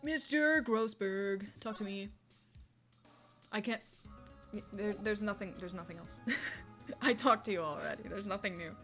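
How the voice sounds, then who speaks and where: Chatty woman streaming from home, giggly, reads the game text out loud. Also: mid-range voice, moderate pace, long pauses, faint music behind. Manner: playful, giggly, reads on-screen text aloud. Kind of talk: casual gaming commentary. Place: home desk with a squeaky chair.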